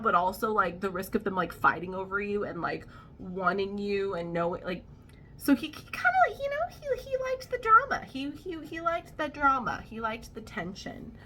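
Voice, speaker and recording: A young adult woman talks through a casual storytime for her vlog. She rambles, with wry, amused asides. Her voice is bright and forward, with a sharp edge. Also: medium pitch, slight background noise. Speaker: vlogger.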